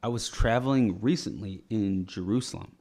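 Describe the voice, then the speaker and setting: A man's voice: on the low side, normal speed, mellow. A young man on a podcast, telling a rambling comedic story, laughing often and acting out the voices of people in it. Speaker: podcast co-host.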